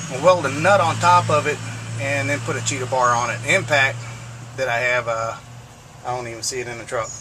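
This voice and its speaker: A man's voice: mid-range voice, bright, forceful tone. Blunt folksy man in a noisy garage. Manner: blunt, folksy, swears casually. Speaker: home mechanic showing welding work. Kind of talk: casual hands-on workshop commentary.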